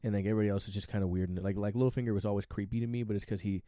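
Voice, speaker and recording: Fast-talking, mellow-voiced man chatting. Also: fairly low pitch, steady tone, smooth, dry recording, clean studio sound. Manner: fast, chatty, many fillers like "like". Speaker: podcast co-host. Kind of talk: casual chat recapping a TV season.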